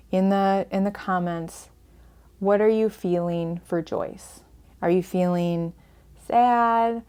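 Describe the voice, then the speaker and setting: A woman's voice: on the low side, darkish tone. Earnest woman podcast host telling a story. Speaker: podcast host and family counselor. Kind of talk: podcast talk with a case story.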